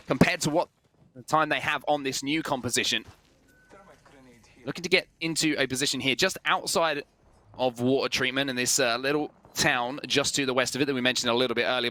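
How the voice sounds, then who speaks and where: A young British man doing fast, excitable play-by-play commentary on an esports match. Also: slight background noise. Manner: fast, excitable play-by-play, jumping into higher exclamations. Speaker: esports caster.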